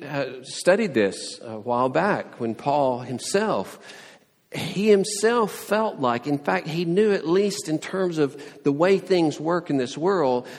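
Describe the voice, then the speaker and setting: A man's voice: medium pitch, a little mellow, in a large hall. A man preaching a sermon in an earnest, conversational way, often quoting prayers and scripture. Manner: earnest, with frequent restarts and quoted prayers. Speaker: pastor.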